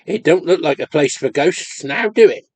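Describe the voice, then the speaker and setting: A man playing an honest, slow-witted older farmer with a Cornish accent and plain rustic speech. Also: a little high, animated, breathy edge, no echo. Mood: cautious.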